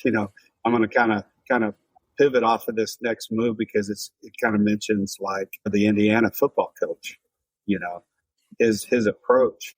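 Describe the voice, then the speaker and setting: A man hosting a podcast in casual sports chat, measured and reflective as he builds on the others' points. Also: on the low side, fairly even intonation, breathy edge, dry recording, low-quality recording. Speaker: podcast host.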